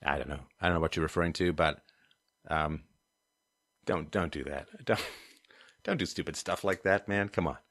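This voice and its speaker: Deep-voiced man hosting a live chat stream, digressive and wry, with dry close sound. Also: normal speed, long pauses, fairly bright tone, no room sound. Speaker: livestream host. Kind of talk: livestream chat and donation appeal.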